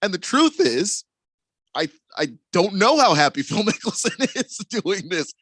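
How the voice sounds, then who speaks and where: A man's voice: high-pitched, big pitch swings, a little slow, a bit bright, slightly rough, no echo. A man co-hosting sports talk radio, talking casually with frequent restarts and chuckles. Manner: stammering restarts, laughs while talking.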